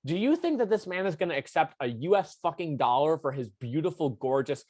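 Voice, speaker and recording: A man putting on the voice of an indignant French man, ranting in an exaggerated, mocking way with drawn-out emphasis. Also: on the high side, big pitch swings, darkish tone, no room sound, clean studio sound. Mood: indignant mockery.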